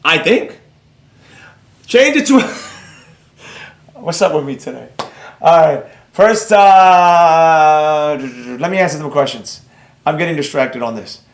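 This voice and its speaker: Excitable trading teacher, echoey room. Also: male voice, fairly high pitch. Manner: blunt, excitable, rambling, quick to scold. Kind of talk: live class, reading chat.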